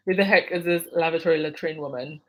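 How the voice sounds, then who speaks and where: A woman with a deep voice hosts a relaxed live stream, reading viewer comments aloud and replying to people by name while laughing often. The audio quality is poor.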